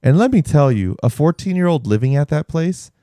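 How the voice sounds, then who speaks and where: In a clean, echo-free studio, a podcast host with a fairly high voice talks fairly quickly in casual chat. He's an animated storyteller who swears freely and acts out quotes with gusto.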